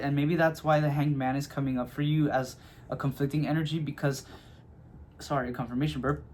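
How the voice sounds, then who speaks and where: Man with a slightly high voice for a relaxed, chatty tarot reading to camera. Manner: chatty, filler-heavy, checks in with "okay?". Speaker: tarot reader.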